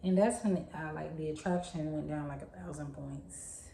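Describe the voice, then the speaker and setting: A young woman, telling a story in a chatty, animated way. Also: low-pitched, moderate pace, creaky, slight background noise. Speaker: vlogger. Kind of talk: casual storytime. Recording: echoey room.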